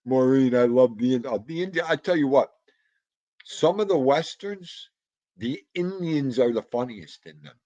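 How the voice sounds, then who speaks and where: A man hosts a loose livestream chat, rambling from one thought to the next and reading out viewer comments. His voice sits in a mid range and now and then jumps into loud exclamations. The recording is dull and dry, like home stream audio. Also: medium pitch, expressive, normal speed, no echo.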